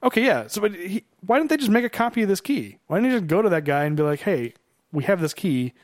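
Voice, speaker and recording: A man's voice: sits high, expressive, racing, no room sound, studio quality. Man chatting dryly about a movie. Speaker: podcast co-host. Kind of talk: casual movie commentary chat.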